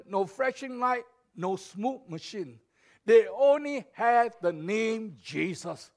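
A pastor delivers a sermon in a high-pitched male voice. He speaks slowly and deliberately, repeating his key phrases for emphasis. His delivery swings from soft, low passages to loud declarations. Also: gravelly.

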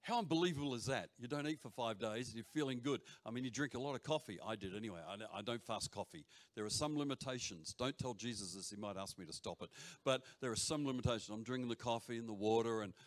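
A man preaching a sermon to a congregation, swinging between loud shouts and quiet near-whispers, with joking asides. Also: medium pitch, fast. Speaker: pastor. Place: church hall before a congregation. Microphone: handheld or stage mic.

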